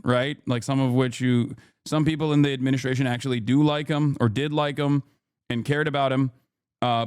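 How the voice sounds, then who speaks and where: A man hosting a live stream, reacting to news in an animated, mocking way with sudden incredulous outbursts. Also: mid-range voice, clear, resonant tone, dry recording, studio quality. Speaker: livestream host.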